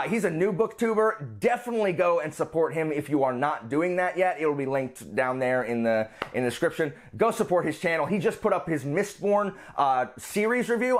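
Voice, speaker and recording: A man chats to his viewers about books in a loose, rambling way with plenty of playful asides. His voice sits a little high and swings widely in pitch, so it sounds animated and upbeat. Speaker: book channel host. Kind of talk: casual chat.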